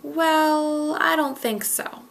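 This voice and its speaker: A woman leads a pronunciation drill at a very unhurried pace. She says each word slowly and clearly, then says it again. A gravelly edge sits under her mid-range voice. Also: sits high, fairly bright tone. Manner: models words carefully, repeating each one. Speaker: pronunciation teacher. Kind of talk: slow, deliberate pronunciation drill.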